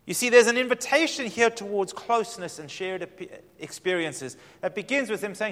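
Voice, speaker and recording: A male pastor preaching a sermon in an earnest, inviting way, moving between hushed and emphatic delivery. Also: high voice, normal speed, hardly any pauses. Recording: long hall reverb.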